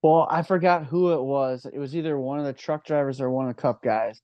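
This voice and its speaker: A man's voice: medium pitch, fairly quick, no echo, muffled recording. A man co-hosting a racing podcast, talking with enthusiasm, laughing and swearing as he goes. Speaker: podcast co-host. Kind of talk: casual racing chat.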